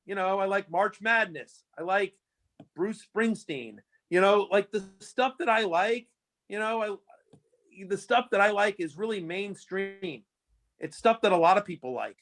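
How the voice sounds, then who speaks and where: A man guest in a casual interview, telling stories with many fillers and restarts. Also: sits high. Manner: rambling, lots of fillers and restarts, animated retelling. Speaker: fantasy sports analyst guest.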